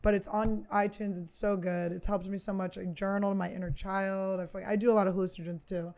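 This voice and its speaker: A woman's voice: mid-range voice, little pitch movement, brisk, a little mellow. A woman hosting a podcast in a studio, chatting casually and bluntly, joking at her own expense and swearing freely. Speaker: podcast host. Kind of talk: casual comedic chat.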